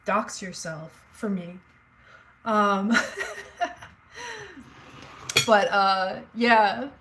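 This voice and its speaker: A woman's voice: medium pitch, very animated, drawn-out words, heavy background noise. Chatty woman rambling to her live chat. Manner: chatty, rambling, candid, swears casually. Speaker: livestream host chatting with viewers. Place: home, indoors.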